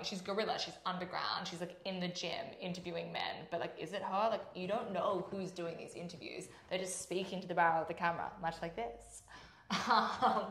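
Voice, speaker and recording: A woman co-hosting a casual recap chat, talking fast with lots of "like" and laughing often. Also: lowish voice, a bit bright, reverberant. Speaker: podcast co-host.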